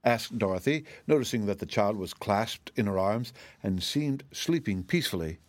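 A man narrates a storybook in a steady, expressive way, his pitch moving lively through each sentence. The recording is close and dry with no room sound. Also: moderate pace, no room sound. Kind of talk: storybook audiobook reading.

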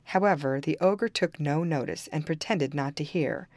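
Low-voiced woman reading a fairy tale. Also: moderate pace, no room sound. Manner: calm, even-paced fairy tale reading. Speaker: storyteller. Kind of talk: storybook narration.

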